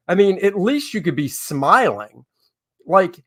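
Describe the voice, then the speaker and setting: A middle-aged man chats on a live stream with a lively, swooping delivery, his voice sitting a little higher than most men's. He rambles through the topic with blunt, candid opinions. The tone is an unscripted, casual one. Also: measured pace. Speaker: comic artist hosting a live stream.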